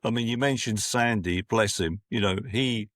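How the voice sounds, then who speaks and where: This podcast guest, a Scotsman in his sixties, rambles through casual stories, restarting often and acting out quotes. He speaks at a moderate pace in a lowish, fairly bright voice, captured at studio quality with no room sound.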